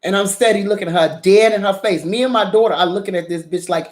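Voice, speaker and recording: Vlogger, middle-aged woman, casual profane storytelling, animated. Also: mid-range voice, fast talker. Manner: animated, profane, acts out quotes. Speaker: drama vlogger.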